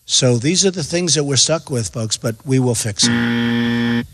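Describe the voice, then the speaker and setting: A man's voice: mid-range voice, unhurried, a bit bright. Rambling, emphatic man in an echoey hall. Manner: repetitive, emphatic, digressive. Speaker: candidate answering questions. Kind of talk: rambling stump-speech answers.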